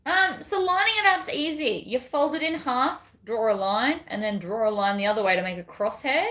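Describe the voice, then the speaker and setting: A woman with a slightly high voice chats as she works at the sewing machine. Her talk is rambling and casual, as on a crafting livestream. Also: expressive, normal speed, pushed and bright. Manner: chatty, reads out viewer comments, rambling. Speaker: bag pattern designer.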